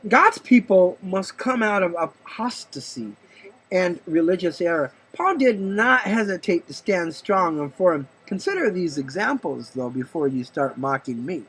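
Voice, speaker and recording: A man's voice: high voice, lively intonation, measured pace, fairly bright tone, husky, low-quality recording. A man hosting a show, mixing jokey commentary with Bible reading, playful and laughing often. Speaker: host.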